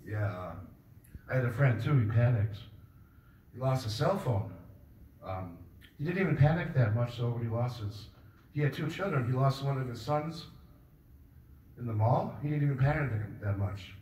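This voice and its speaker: A man doing a stand-up comedy set on a club stage, rambling in a deadpan way with many filler pauses. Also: mid-range voice, slight background noise. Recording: roomy, distant mic with faint ambience.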